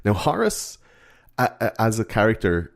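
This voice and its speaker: A man's voice: fairly low pitch, wildly swooping pitch, normal speed, gravelly. A man, hosting a podcast, casually retelling film scenes with plenty of swearing. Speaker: podcast host.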